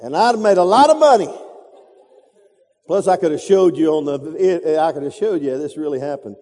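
A man's voice: on the high side, animated, moderate pace, warm tone. A man preaching a sermon, telling a story dramatically with sound effects and repetition. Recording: reverberant hall.

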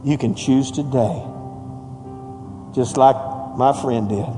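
A man pastor telling a story in a sermon, swinging from hushed to shouting with dramatic force. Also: medium pitch, slow. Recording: long hall reverb, faint music behind.

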